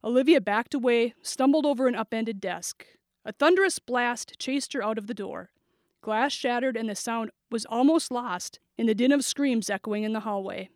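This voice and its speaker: Female thriller narrator, steady and vivid, bright-leaning voice, dead-dry booth. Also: a little high, moderate pace, no room sound. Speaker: audiobook narrator.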